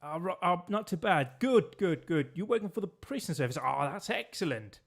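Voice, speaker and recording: A man's voice: high-pitched, animated, normal speed, vocal fry. A man streaming a geography guessing game, chatting and joking with his viewers as he plays. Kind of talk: casual gameplay commentary.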